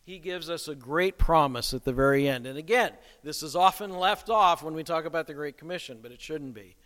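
A man preaches a sermon with emphasis, putting rhetorical questions to the congregation. His slightly high voice is brisk and a bit bright, and the recording has the long reverb of a hall.

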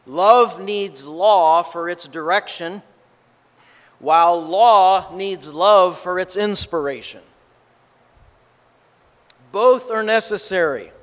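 A man preaching a sermon with a measured, emphatic delivery. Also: high-pitched, in a large hall.

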